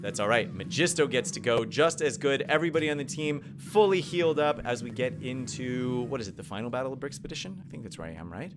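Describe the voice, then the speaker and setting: A man streaming a mobile game live, commentating playfully and excitably while answering his chat. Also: medium pitch, fast, few pauses, background noise. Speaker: gaming streamer. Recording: game music behind voice.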